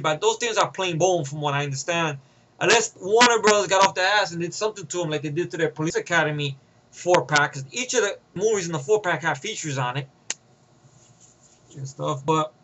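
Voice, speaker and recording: A man with a high, bright, edgy voice rants through a movie review. He rambles and swears, jumping from loud outbursts to low mutters. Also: a little hiss or hum, low-quality recording.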